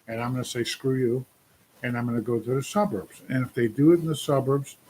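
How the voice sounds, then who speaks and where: A man's voice: medium pitch, fast talker, darkish tone, a little hiss or hum. A man in his sixties venting on a casual livestream, rambling and putting questions to his viewers. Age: 60s. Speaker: trucker livestream host.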